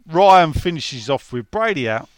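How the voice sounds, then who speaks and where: Sweary London man, lively pitch. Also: a little slow. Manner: ranting, sweary banter. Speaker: podcast co-host. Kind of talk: casual football podcast chat.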